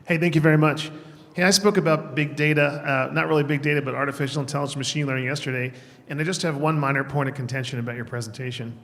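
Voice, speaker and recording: A man's voice: a little high, fairly even intonation, fast, fairly bright tone. Man arguing a point in a hall. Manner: polite but argumentative, corrects himself. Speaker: audience member asking a question. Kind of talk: audience question. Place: conference hall. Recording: hall reverb from a conference room.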